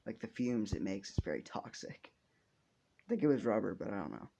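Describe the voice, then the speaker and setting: A man's voice: on the low side, sing-song, a little fast, creaky, warm tone, slight background noise. A young man casually making up a story as he goes, rambling, swearing often and laughing at his own jokes.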